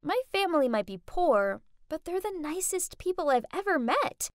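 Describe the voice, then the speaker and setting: A young woman narrating a first-person animated story in a dramatic, emotional way. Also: extremely high pitch, normal speed, dry recording, studio quality.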